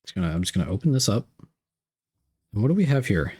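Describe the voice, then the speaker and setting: A man's voice: on the low side, big pitch swings, fast, a little mellow, slightly rough. A young man streaming live, reading chat messages aloud and unboxing gifts, playful and repeating himself.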